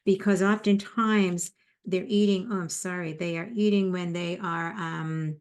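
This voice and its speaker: A woman's voice: fairly low pitch, steady tone, unhurried. A woman in her fifties or older, a psychotherapist giving a motivational talk in a conversational way, mixing in personal stories. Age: 50s or older. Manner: conversational, tells personal anecdotes. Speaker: psychotherapist and speaker.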